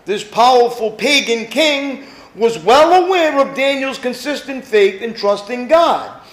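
High-voiced animated male pastor. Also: a little slow, roomy sound. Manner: animated preaching, rhetorical questions to the congregation. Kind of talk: sermon.

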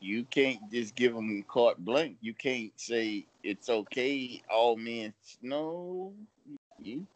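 A man co-hosting a casual chat, thinking aloud in a slow, halting way. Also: medium pitch, no room sound. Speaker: co-host.

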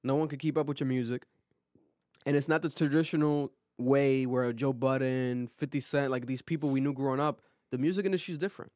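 A man co-hosting a podcast in casual chat, talking in an animated, opinionated way with lots of fillers. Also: medium pitch, fairly quick, no room sound, studio quality. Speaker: podcast co-host.

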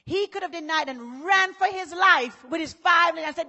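A woman pastor delivers a sermon in a high, bright voice. She talks to the congregation like a conversation, slips into voices of everyday people, and climbs to loud, shouted passages. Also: brisk, vocal fry, few pauses, highs cut off. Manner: preaching, acts out what people say in conversational voices, rises to shouting.

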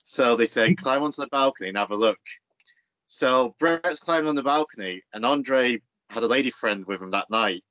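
A man hosting a casual interview, mostly chiming in with short agreements. His voice sits in a middle pitch. The sound is dry, with no room echo, and dull and lo-fi. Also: moderate pace, a bit bright. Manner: brief affirming interjections.

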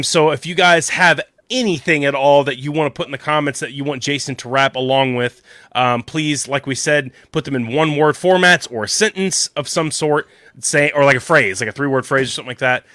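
A man's voice: a little high, brisk, sharp tone, no room sound, clean studio sound. A man co-hosting a casual podcast, upbeat and talking like a hype man. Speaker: podcast co-host. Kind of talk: casual chat.

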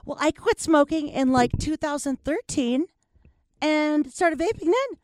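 A woman's voice: sits high, lively intonation, unhurried, no room sound, studio quality. A woman in her forties hosting a podcast, chatting candidly, laughing often and swearing freely. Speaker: podcast host. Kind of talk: casual chat.

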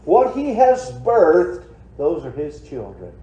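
A man preaching in a church sanctuary, folksy and conversational, throwing rhetorical questions at his congregation. His voice sits a little high but sounds mellow and warm. The room rings around him with a roomy echo. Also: wildly swooping pitch, takes it slowly, dull audio. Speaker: pastor. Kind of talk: sermon.

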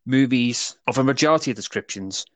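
A young man hosts a casual podcast chat, rambling warmly through restarts and laughs. His voice sits at a middle pitch. The sound is dry and close, with no room echo. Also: brisk. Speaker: podcast co-host.

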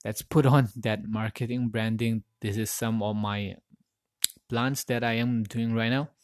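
A man's voice: medium pitch, fairly even intonation, measured pace, a little mellow, no room sound. A man hosting a solo podcast, recorded on a USB mic plugged into his phone, rambling and repeating words as he searches for them. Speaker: podcast host.

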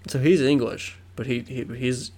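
A man's voice: mid-range voice, steady tone, moderate pace, darkish tone. A young man co-hosting a podcast in casual chat, rambling and swearing with lots of fillers and restarts. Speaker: podcast co-host.

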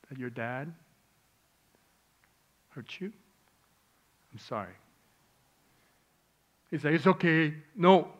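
A middle-aged male pastor preaching a sermon, telling a personal story with strong swings from hushed, quiet lines to loud, emotional ones. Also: mid-range voice, dull audio.

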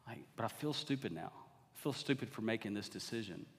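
A man's voice: fairly low pitch, lively intonation, a little fast, vocal fry. A man preaching a sermon as guest preacher, talking conversationally and building to emphatic exhortation. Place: church sanctuary. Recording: long hall reverb.

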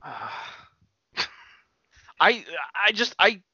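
A man co-hosting a casual wrestling podcast, making quick, sarcastic jokes. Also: high-pitched, big pitch swings, background noise. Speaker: podcast co-host. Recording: dull dry lo-fi sound.

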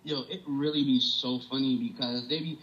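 A young man with a New York accent, chatting casually, full of slang and swearing, telling animated stories. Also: mid-range voice, moderate pace, dull audio. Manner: slangy, profane, animated storytelling. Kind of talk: casual chat.

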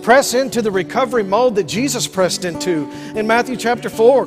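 Folksy preacher in a reverberant church. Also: male voice, sits high, brisk, hardly any pauses. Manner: folksy preaching, rising to fervent exhortation. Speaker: pastor. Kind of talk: sermon. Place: church sanctuary. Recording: live church sound with long reverb and faint guitar.

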